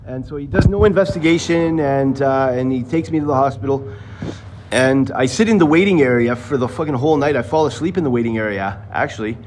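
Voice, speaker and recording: A man's voice: medium pitch, a little fast, a little mellow, a little hiss or hum, low-quality recording. A man telling viewers a long personal story in casual, rambling, profane talk, acting out what others said. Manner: rambling, profane, acts out quoted voices.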